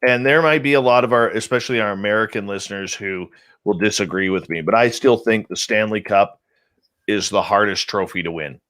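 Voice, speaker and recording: Low-voiced male radio host, dry mic. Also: fairly quick, dry recording. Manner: animated storyteller, emphatic repeats. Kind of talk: casual roundtable chat.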